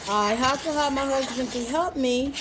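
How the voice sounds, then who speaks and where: In her home kitchen, a woman shows viewers how to make a recipe, chatting with them in a playful, folksy way. Her voice is high and her pace moderate, with a noisy background.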